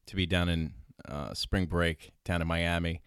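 A man's voice: low voice, a little slow, clear, resonant tone, no room sound, studio quality. A man casually telling a long, profane story, slipping into other people's voices as he goes. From New York area. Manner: rambling, profane, animated anecdote with quoted voices. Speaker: podcast storyteller.

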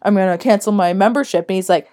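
A woman's voice: medium pitch, quick pace. A young woman co-hosting a podcast, telling stories in casual chat, swearing and acting out what others said. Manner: animated, profane, acts out quotes. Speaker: podcast co-host.

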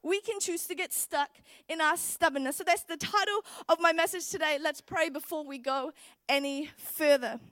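A young woman preaching in church, telling a personal story in an animated, chatty way before praying and turning to scripture. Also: sits high, normal speed, dry recording. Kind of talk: storytelling sermon.

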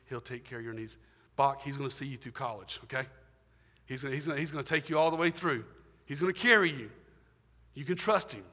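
A man pastor preaching a sermon, emphatic and repetitive, swinging between loud stresses and quiet drops. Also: a little high. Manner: emphatic, repetitive preaching with rising and falling intensity. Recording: long hall reverb.

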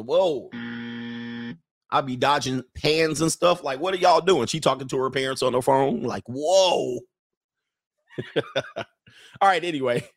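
A man's voice: mid-range voice, no room sound, studio quality. A man, an online coach, chatting casually on a livestream in a rambling, slangy way and laughing often.

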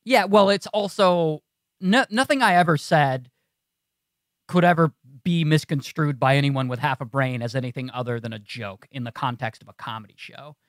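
A man's voice: fairly high pitch, normal speed, no room sound, studio quality. A man co-hosting a podcast in casual chat, telling stories emphatically with many restarts. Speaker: podcast co-host. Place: podcast studio.

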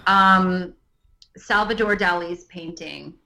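A woman's voice: lowish voice, takes it slowly, vocal fry, pushed and bright, roomy sound. A young woman guest on a casual podcast chat, bubbly and prone to giggling.

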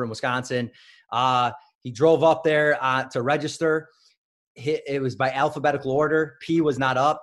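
A former wrestler in his thirties from Highland Park, Illinois, is a guest in a casual interview, telling stories. His voice sits in the mid-range, and his speech is full of fillers and restarts.

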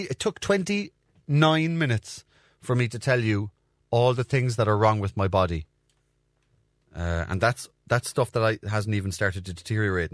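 Irish comic host, young guy, low voice, dry close sound, rambling and crude. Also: no echo. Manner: rambling, crude, swears freely, acts out voices in a high pitch. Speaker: comedian podcast host. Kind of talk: casual storytelling monologue.

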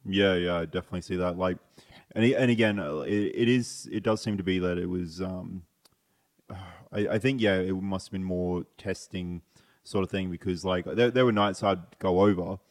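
A man talking as a podcast guest in casual chat, hesitant and halting as he searches for words. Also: low-pitched, fairly even intonation. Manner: hesitant, full of fillers and restarts.

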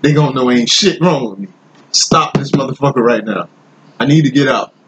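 A man voicing a brash, scheming man who fakes an injury after a car crash, in a deeper voice than his own. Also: a little fast, noisy background, lightly acted. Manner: sly, brash, streetwise.

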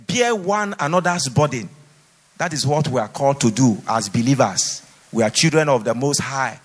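A man's voice: on the high side, breathy edge. A man preaching a sermon in a church, exhorting his listeners with emphatic, repeated phrases. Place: church hall. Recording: long hall reverb.

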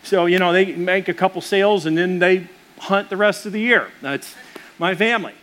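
A man's voice: high voice, moderate pace, fairly bright tone. A middle-aged man preaching a sermon as pastor, telling stories in a casual way with many fillers.

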